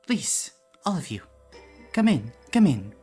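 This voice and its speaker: A woman game master voicing a middle-aged dwarven mother who apologizes quickly and fusses over her guests. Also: sits low, big pitch swings, mellow, husky, soft background music, voice pushed up, heavily acted. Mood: welcoming.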